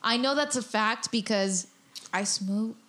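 A woman's voice: a little high, a little slow, a bit bright. A woman in casual chat who speaks frankly and readily.

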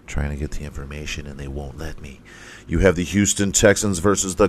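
A hoarse man losing his voice, rambling through casual football picks as a podcast host, swearing often and stopping to correct himself. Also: deep voice, animated, moderate pace. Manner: rambling, profane, self-interrupting. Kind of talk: casual sports picks chat.

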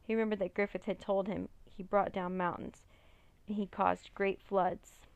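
A woman reading a children's chapter book aloud in an expressive storytelling manner. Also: medium pitch, moderate pace, gravelly, dry recording, lo-fi sound. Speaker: reader.

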